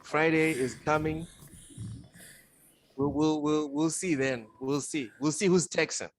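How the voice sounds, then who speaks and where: A man's voice: on the high side, unhurried, a little hiss or hum. A man co-hosting a casual gaming podcast, protesting his friend's teasing in exasperated, laughing banter. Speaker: podcast co-host.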